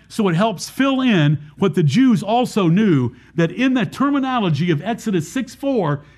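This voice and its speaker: A man with a high-pitched, darkish-toned voice preaches a Baptist sermon, working through scripture verse by verse and repeatedly posing rhetorical questions to the congregation.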